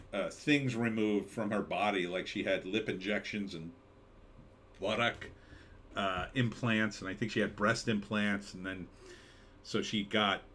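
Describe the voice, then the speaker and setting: Speaking in a fairly low voice with a bit of brightness, a man runs a live stream and casually reads comments from viewers. His accent is mid-Atlantic American, and his style is loose and rambling, punctuated by mock announcer bits.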